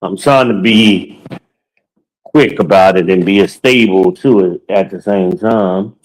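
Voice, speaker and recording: A man's voice: low-pitched, slow pace, poor audio. A podcast host talks casually to viewers while walking through his home, boastful and joking, swearing freely.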